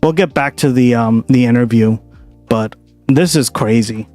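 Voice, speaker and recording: A man from Boston hosting a casual reaction stream, talking fast and loosely, swearing and laughing often. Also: medium pitch, faint music behind. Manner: profane, animated, laughs a lot.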